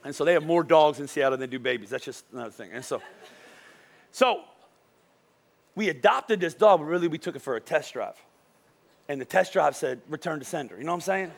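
A pastor in his thirties delivers a sermon with lively, storytelling energy, checking in with his listeners again and again. His voice sits high for a man and carries a gravelly edge. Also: fairly quick, long pauses. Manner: animated storytelling, frequent "right?" asides.

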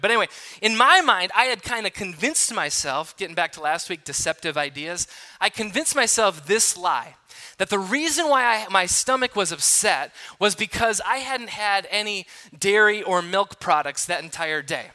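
A man in his thirties from Wisconsin preaching a sermon, telling a personal story in an animated, conversational, self-deprecating way. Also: high-pitched, normal speed. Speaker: pastor. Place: large church hall.

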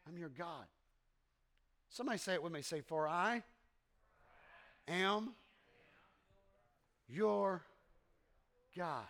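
A man preaching a sermon, animated and repetitive, leading the congregation in call-and-response in a church. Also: high-pitched, slow pace, long pauses. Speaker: pastor. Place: church sanctuary.

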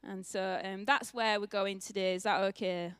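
A woman's voice: mid-range voice, steady tone, normal speed, a bit bright, clear, resonant tone, dry recording. A young woman pastor with a northern English accent, giving a chatty, self-mocking sermon in church and laughing often.

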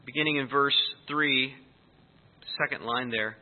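A man's voice: medium pitch, unhurried. Man preaching through a tinny, phone-like line. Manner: earnest, explanatory. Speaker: Bible teacher. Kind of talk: verse-by-verse sermon teaching.

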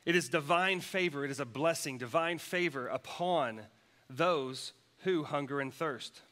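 A man's voice: a little high, measured pace, a bit bright. A man preaching a sermon, telling a personal story with many restarts and repeated words. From United States. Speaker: pastor.

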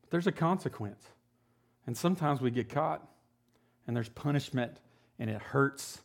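A man's voice: mid-range voice, moderate pace, creaky. A man in his forties giving a casual, joking sermon as pastor, often checking in with the congregation. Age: 40s. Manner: conversational, joking, asks "right?" often.

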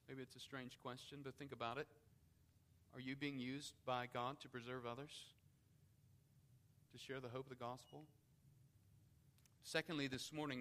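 A man's voice: mid-range voice, a bit bright. A man preaching a sermon as pastor, building emphasis and repeating key phrases.

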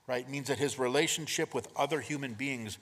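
A man preaching a sermon as pastor, in a conversational style with frequent rhetorical questions, moving between emphatic and hushed delivery. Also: medium pitch, a little fast, long reverb tail.

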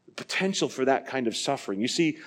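A man preaching a sermon, earnest, asking his listeners questions and building to emphatic peaks before dropping quiet. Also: mid-range voice, sing-song, fast. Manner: asks the listeners direct questions. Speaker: pastor.

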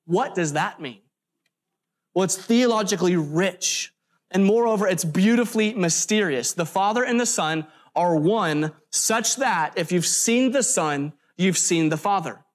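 High-voiced man preaching earnestly. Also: expressive, a little slow. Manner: earnest preaching with emphatic lists and asides. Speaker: pastor. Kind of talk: sermon.

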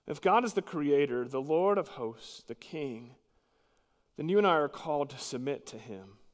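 Brief: male pastor, slightly higher voice, emphatic sermon delivery, long church reverb. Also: animated, moderate pace. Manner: earnest, emphatic preaching with sudden drops to quiet.

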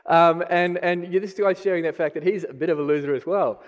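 A man's voice: high voice, steady tone, a little fast. Candid Australian man telling his story. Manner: candid, self-deprecating storytelling. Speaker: speaker giving a testimony. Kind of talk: sermon testimony. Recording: long hall reverb.

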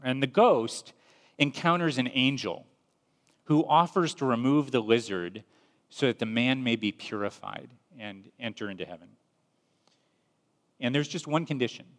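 A man preaching a sermon in a measured, earnest storytelling manner. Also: mid-range voice, fairly bright tone. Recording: long reverb.

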